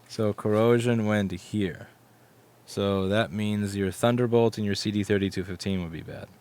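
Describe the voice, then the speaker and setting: A man's voice: on the low side, steady tone, moderate pace, darkish tone, slight background noise. A man with a New York accent, chatting casually and joking wryly as he repairs a laptop on a live stream. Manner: wry, joking, swears casually. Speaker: repair technician streaming his work. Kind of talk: casual live-stream chat while working.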